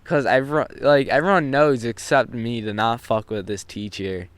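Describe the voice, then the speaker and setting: A man's voice: mid-range voice, moderate pace, clear, resonant tone, no echo. A teenage boy telling a story in a casual, rambling way, swearing often and restarting his sentences. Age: teens. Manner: rambling, profane, many restarts. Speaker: vlogger.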